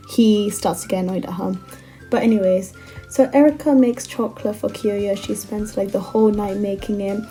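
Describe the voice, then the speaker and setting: A woman's voice: medium pitch, mellow. A young woman casually recapping a manga, talking in a chatty way with lots of "like" fillers and exasperated asides. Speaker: manga commentator.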